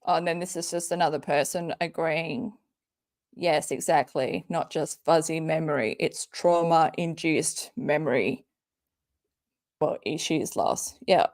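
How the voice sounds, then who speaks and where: Slow-talking angry woman ranting. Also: low-pitched, a little mellow. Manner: angry, sweary, sarcastic ranting. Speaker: commentary channel host. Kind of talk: live-stream commentary reading tweets.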